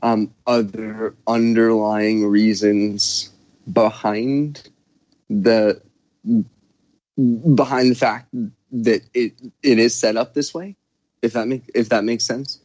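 A man hosting a casual conversation, talking slowly with many restarts and pauses while he searches for words. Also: on the low side, fairly even intonation, a little mellow, dry recording, dull audio. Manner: slow, halting, searching for words.

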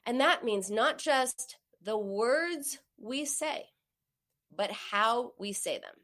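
A woman's voice: fairly high pitch, expressive, takes it slowly, a bit bright. A woman giving a coaching talk to an audience, acting out the quoted voices. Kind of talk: motivational talk on binge eating.

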